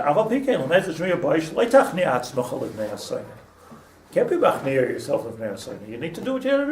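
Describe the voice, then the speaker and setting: A man's voice: a little high, a little hiss or hum. A man, a rabbi, giving an informal Torah class in a conversational way, mixing in Hebrew terms and restarting his sentences. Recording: roomy, distant mic with faint ambience.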